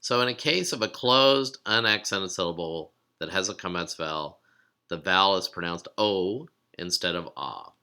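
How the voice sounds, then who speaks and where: A man teaching a recorded lesson, explaining patiently with frequent pauses and fillers. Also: deep voice, lively intonation, sharp tone, clear, resonant tone. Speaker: biblical Hebrew teacher.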